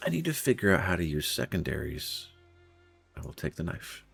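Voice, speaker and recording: A man's voice: sits low, sing-song, brisk, vocal fry, a bit bright, husky, faint music behind. A man streaming a game live, muttering through his looting and reacting to chat in casual commentary.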